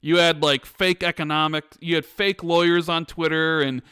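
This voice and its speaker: A man with a high, bright voice and a crisp, clear tone, hosting a casual gaming podcast. He talks in an animated, ranting way with lots of restarts, and the recording sounds dry and close. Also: moderate pace, no echo. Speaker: podcast host.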